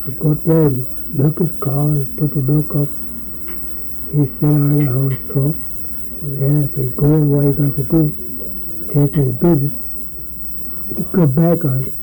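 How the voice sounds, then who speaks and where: Hoarse older man, rambling storyteller. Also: on the high side, level tone, normal speed, pauses often, dark tone, slight background noise, rough recording. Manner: rambling storyteller who laughs between remarks. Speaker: interviewee. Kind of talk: oral history interview.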